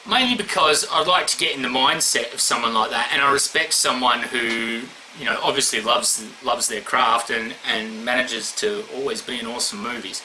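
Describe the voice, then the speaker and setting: A man's voice: mid-range voice, moderate pace, few pauses, sharp tone, slight background noise. A man rambling bluntly in a casual vlog, swearing constantly as he answers questions. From Australia. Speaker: YouTuber answering award questions.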